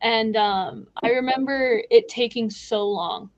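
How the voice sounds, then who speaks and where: A woman's voice: on the high side, slow, no echo, highs cut off. A woman hosting a podcast, telling a story in casual chat, laughing and swearing often. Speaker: podcast host.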